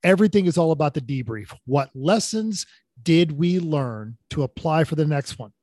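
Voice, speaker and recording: A man's voice: a little high, expressive, moderate pace, mellow, no echo. A man hosting a casual podcast chat, teasing his co-hosts and steering the talk. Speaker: podcast host. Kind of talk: casual chat, leads the discussion.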